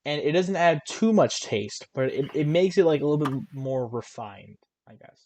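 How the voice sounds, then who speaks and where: A man's voice: on the high side, animated, normal speed, a little mellow. A young man co-hosting a podcast in casual chat, telling rambling stories full of fillers and restarts. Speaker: podcast co-host.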